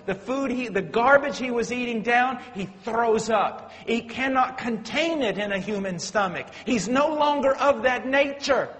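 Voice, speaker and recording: Male preacher, high voice, dramatic shifts from hushed to shouting, church sanctuary reverb. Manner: swings from loud urgent preaching to quiet low storytelling. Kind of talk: sermon.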